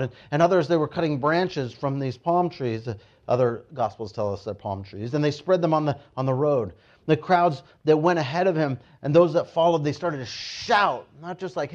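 A man preaching a sermon, retelling scripture with lively, animated storytelling and acted-out crowd voices. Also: fairly high pitch, dull audio. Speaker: pastor.

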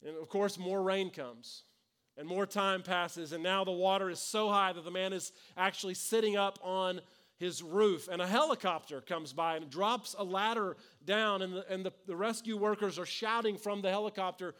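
A man's voice: sits high, normal speed, fairly bright tone, clear, resonant tone. A man, preaching a sermon in an earnest, conversational way with frequent restarts. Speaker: pastor.

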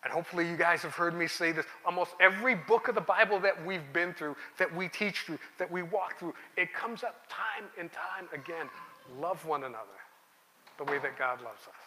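A man's voice: high-pitched, bright, forceful tone, slight background noise. A middle-aged man pastor giving a conversational sermon with stories and emphatic repetition. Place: church sanctuary. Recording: church hall with long reverb.

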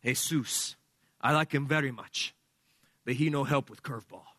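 A man voicing a superstitious male ballplayer, with a put-on Spanish-tinged accent and halting broken English. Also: mid-range voice, pushed and bright, no echo, pitched below the performer's own voice. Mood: earnest. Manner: halting, simple phrasing.

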